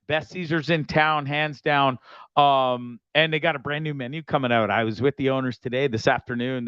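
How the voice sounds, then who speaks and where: A man's voice: on the high side, a bit bright, smooth, dry recording, dull audio. Rambling, foul-mouthed male show host. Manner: rambling, profane, jokey, restless. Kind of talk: casual show monologue with sponsor reads.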